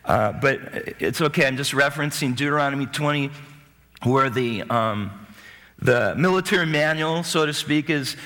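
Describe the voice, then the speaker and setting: Animated male preacher in a big reverberant hall. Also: medium pitch, normal speed. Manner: animated, swings from loud to hushed. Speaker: pastor. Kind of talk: sermon.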